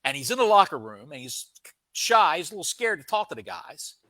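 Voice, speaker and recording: A man co-hosting a podcast, telling a story in a casual, comic way with dramatic pauses. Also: a little high, very animated, pushed and bright, dry recording. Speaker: podcast co-host.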